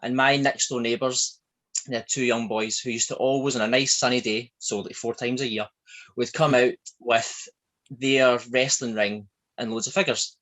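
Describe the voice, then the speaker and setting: A man's voice: medium pitch, normal speed, poor audio. Chatty man with a thick Glaswegian accent. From Scotland. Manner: chatty, animated storyteller. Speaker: guest, wrestling shop owner. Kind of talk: casual podcast interview.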